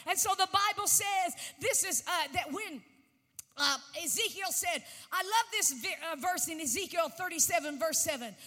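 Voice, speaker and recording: High, bright-voiced woman preaching fervently. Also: animated, moderate pace. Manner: fervent preaching, shouting, stretching key phrases. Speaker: pastor. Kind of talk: impassioned sermon. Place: church sanctuary. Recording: long church reverb.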